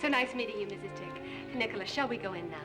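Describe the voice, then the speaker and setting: A woman's voice: mid-range voice, fast, over loud music. A woman playing a newlywed wife in a 1960s film comedy, breezy, affectionate and coy.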